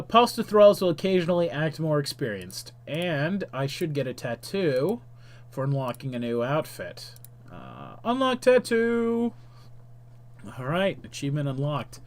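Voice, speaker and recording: A fairly high-voiced man reads adventure game text aloud for a stream, then drops into casual asides. He trips over words and corrects himself as he goes. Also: vocal fry. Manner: stumbling, self-correcting reading.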